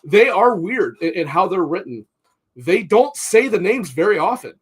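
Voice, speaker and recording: A man co-hosts a casual podcast chat in a high-sitting, sing-song voice with a breathy edge, speaking at normal speed. He's blunt, swears freely, and trips over repeated words when he gets worked up.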